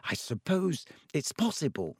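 A man's voice: a little high, big pitch swings, normal speed, husky, dry recording, voice pushed up, exaggerated voice. Raised, lighter voice for a bossy, clever schoolgirl, read by a man, dry close sound. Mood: cautious. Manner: quiet, cautious, then impatient.

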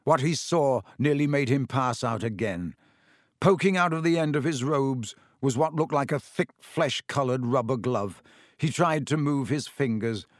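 A man reading a story aloud at a steady, measured pace, putting on voices for the dialogue. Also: medium pitch, dry recording, studio quality. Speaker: narrator. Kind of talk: audiobook reading.

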